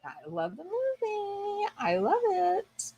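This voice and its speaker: A woman's voice: very high-pitched, wildly swooping pitch, slow, dark tone, muffled recording. A woman streamer casually chatting with her viewers, rambling and thinking aloud with enthusiasm. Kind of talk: casual chat.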